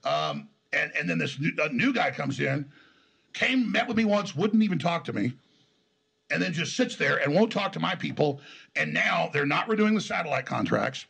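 A man's voice: fairly high pitch, lively intonation, moderate pace, gravelly, a bit bright, husky. A man with a Texas accent, a guest in a conversational interview, telling a long story in an emphatic, rambling way. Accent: Texan. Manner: emphatic, rambling, acts out quoted exchanges.

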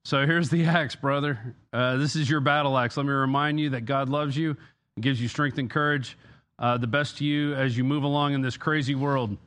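A man, the show's news director, talking casually and haltingly in a studio. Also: medium pitch, fairly even intonation, fairly bright tone. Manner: hesitant, halting, with fillers.

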